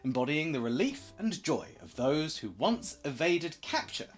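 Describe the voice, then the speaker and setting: A man's voice: a little high, very animated, normal speed, faint music behind. A man giving a casual, rambling slideshow presentation for a charity stream, full of jokey asides and self-corrections.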